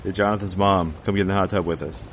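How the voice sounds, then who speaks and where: A man with a low voice drops deadpan quips while co-hosting a podcast. His tone stays casual among friends. A faint hiss sits under the recording. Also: fast talker. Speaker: podcast co-host.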